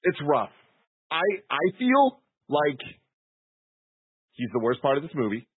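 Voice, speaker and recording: A man hosting a podcast in casual chat, excitable, swearing loosely as he reads out listener reviews. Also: a little high, a little slow, slightly rough, no echo. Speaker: podcast host. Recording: tinny phone-like audio.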